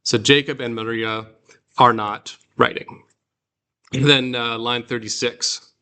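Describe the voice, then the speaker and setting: A man teaching a guided reading class, explaining slowly and patiently with fillers and restarts. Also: medium pitch, fairly even intonation, bright, forceful tone, clear, resonant tone. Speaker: Greek teacher.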